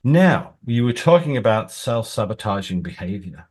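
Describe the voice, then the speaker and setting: A man who works as an executive coach, explaining his points through lively examples and scenarios. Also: medium pitch, moderate pace. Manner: animated storyteller.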